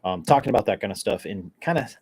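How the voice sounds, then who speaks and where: A man with a lowish voice chatting alone on his podcast, rambling from one joke to the next. He sounds wired and loose, with lots of ums and restarts. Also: lively intonation, fast talker, a little mellow, husky, poor audio. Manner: rambling, joking, caffeine-wired, many fillers. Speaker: podcast host. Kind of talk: casual solo chat.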